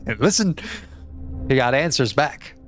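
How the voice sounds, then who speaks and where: A man's voice: mid-range voice, animated, a little slow, fairly bright tone, faint music behind. A man voicing a sinister, folksy old male cult member in a put-on rural drawl, reading game text aloud. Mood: menacing.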